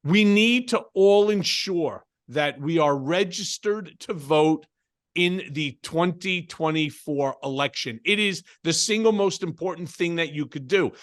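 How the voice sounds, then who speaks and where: A middle-aged man speaking as an interview guest, blunt and emphatic and quick to joke. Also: a little high, expressive. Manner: blunt and emphatic, jokes freely. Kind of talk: interview conversation.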